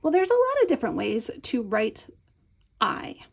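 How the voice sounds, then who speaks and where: A middle-aged woman teaching a lesson, patient and explanatory, slowing down to model each sound and often checking in with "right?". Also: a little high, huge pitch swings, gravelly. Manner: slows and stretches words when modeling sounds. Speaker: teacher trainer. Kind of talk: instructional video lesson.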